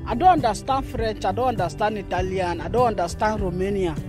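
At an outdoor market, a woman vlogs on a handheld phone, chatting casually with viewers and laughing often as she walks. Her voice is medium in pitch and a little fast, with background music playing underneath.

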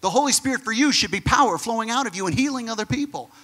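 A male pastor preaches an earnest, conversational sermon, addressing his congregation directly and repeating words. His voice is very high-pitched, sharp and expressive, and he talks very fast.

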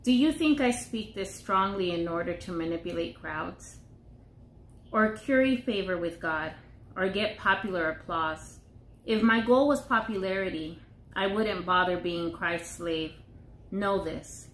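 A woman's voice: fairly low pitch, a bit bright. Woman reading scripture from off-mic. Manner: careful, measured reading from a distance. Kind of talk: reading a Bible passage aloud. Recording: echoey room, off-mic, faint noise.

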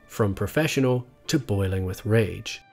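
A man narrating a scripted video essay in a measured, analytical way. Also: on the low side, creaky, a little mellow. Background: faint background music.

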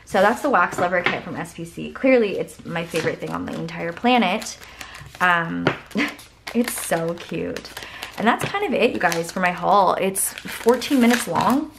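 Gushing young woman with a worn-out, gravelly voice. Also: fairly low pitch, unhurried, noisy background. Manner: gushing, excitable, lots of "like" and "obsessed". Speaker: vlogger. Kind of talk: casual haul vlog.

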